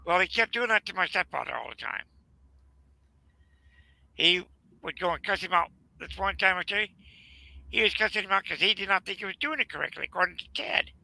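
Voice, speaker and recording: A man with a Southern US accent telling a rambling family story in casual chat, halting with fillers. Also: high voice, vocal fry, bright, forceful tone, dry recording, low-quality recording. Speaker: channel host.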